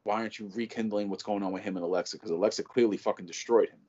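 Co-host type: a man with a lowish voice, excitable and profane, tripping over his own restarts, on a muffled low-fi recording. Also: racing. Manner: animated, profane, rambling with many restarts. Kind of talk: casual chat. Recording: dull lo-fi audio.

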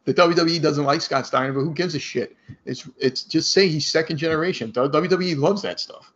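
A man's voice: on the high side, a little fast, fairly bright tone, husky, highs cut off. Agreeable man chatting on a podcast. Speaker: podcast co-host. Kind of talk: casual podcast chat.

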